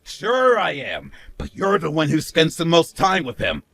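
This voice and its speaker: A man's voice: fairly high pitch, huge pitch swings, measured pace, creaky, heavily acted. A man playing a sneering bully husband. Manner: sneering, mocking laughs, shouts. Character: smug cruel young husband, mocking and bossy. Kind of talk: animated story narration.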